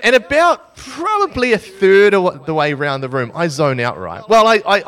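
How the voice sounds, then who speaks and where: A young man from New Zealand preaching a sermon as a lively, self-mocking story. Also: sits high, normal speed, few pauses.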